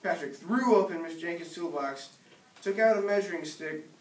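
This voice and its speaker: A man reading a children's picture book aloud in a gentle storytelling manner. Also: a little high, moderate pace, slight background noise. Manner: gentle storytelling, small slips. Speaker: reader. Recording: echoey room, distant mic.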